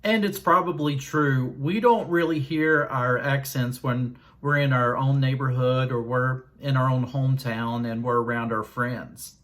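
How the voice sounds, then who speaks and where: A man's voice: mid-range voice, steady tone, measured pace, few pauses, fairly bright tone. A man with a Southern US accent talking casually to his viewers in a vlog, folksy and self-deprecating, taking his time over each word. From Southern United States. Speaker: YouTuber.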